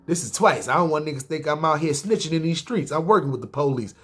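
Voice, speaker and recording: A man's voice: a little high, lively intonation, fast, a bit bright. A man in his thirties with a New York accent, telling a long personal story in slangy casual talk and often checking in with the listener. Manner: slangy street talk, keeps asking "see what I'm saying". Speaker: storyteller host.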